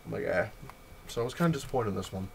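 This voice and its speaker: Rambling low-voiced man telling a shop story. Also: animated, rapid-fire, gravelly, noisy background. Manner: rambling, retells dialogue with many "I was like" asides. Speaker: comic book vlogger. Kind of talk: casual vlog storytelling and comic review.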